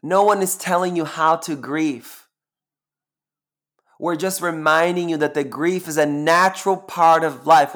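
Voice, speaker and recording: A man hosting a live-streamed solo talk as a spiritual teacher, sassy and emphatic, preaching and repeating phrases for emphasis. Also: a little high. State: close to tears at times.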